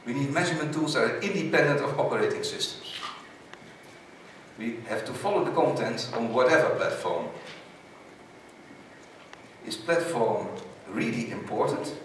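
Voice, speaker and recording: A man's voice: mid-range voice, lively intonation, moderate pace, pauses often, a little hiss or hum. A man whose first language is Dutch gives a conference talk in English, emphatic with short slogan-like points. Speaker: conference speaker. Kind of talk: conference presentation. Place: large conference hall. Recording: echoey hall, speaker far from mic.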